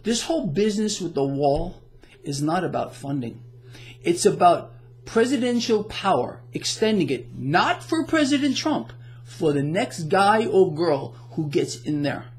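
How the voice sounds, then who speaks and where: A man's voice: sits high, big pitch swings, a little slow. A man hosting financial commentary, ranting to the camera with emphatic sarcasm and rhetorical questions.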